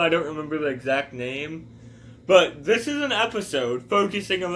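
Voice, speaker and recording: A man's voice: on the high side, a bit bright, a little hiss or hum. A man talking casually in a rambling review, wandering off on tangents. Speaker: video reviewer.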